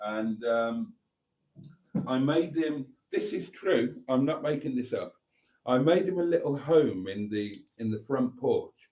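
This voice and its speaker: A man with a warm, mid-range voice hosts a casual live stream from indoors at home. Chatty and cheeky, he rambles while reading viewer comments aloud into his phone.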